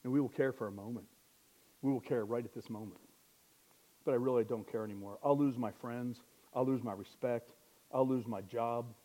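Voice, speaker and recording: A male pastor delivering a sermon in a relaxed, conversational manner. He leans on rhetorical questions and dry, self-deprecating humor, speaking in an ordinary middle pitch. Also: normal speed.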